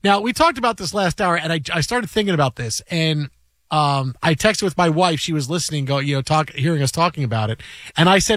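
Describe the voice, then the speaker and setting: A man in his forties hosting a sports radio show, chatting and telling a story with lively acted-out quotes. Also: a little high, fast talker, dry recording, clean studio sound. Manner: animated, acts out voices when telling a story. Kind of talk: casual sports talk and storytelling.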